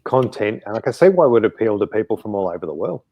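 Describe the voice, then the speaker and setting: Fast-talking male interview host. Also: on the low side, very animated, warm tone, no room sound, lo-fi sound. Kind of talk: casual interview.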